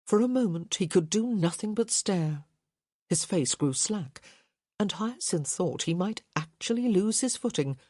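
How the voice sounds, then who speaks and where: Woman, audiobook narrator, breathy voice, lively intonation, slow and measured. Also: medium pitch, no echo, studio quality. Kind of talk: scripted narration.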